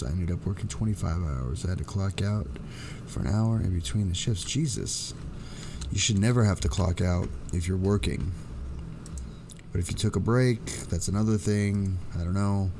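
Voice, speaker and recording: A hoarse man, hosting a casual live stream and greeting chatters by name in a laid-back way. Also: low voice, lively intonation, normal speed, noisy background. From Texas. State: hoarse, voice going out.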